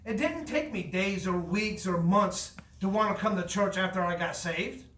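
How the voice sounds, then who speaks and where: A man's voice: sits high, moderate pace, a bit bright, roomy sound, far from the mic. A man preaching a fervent, emphatic sermon in a church, telling his own testimony with repeated phrases.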